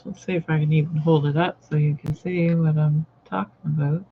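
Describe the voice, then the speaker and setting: Low-pitched and dark in tone, with fairly even intonation, this woman speaks fairly quickly while hosting a casual live sewing chat. She works and rambles, calling out viewers by name, and the stream sounds dull and lo-fi.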